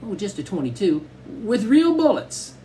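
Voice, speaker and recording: An eager little country boy with a squeaky, high voice, as a man reading an audiobook puts him on. He pipes up brightly, with his voice jumping around. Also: big pitch swings, moderate pace, slight background noise. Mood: excited. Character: small excited country boy, little brother.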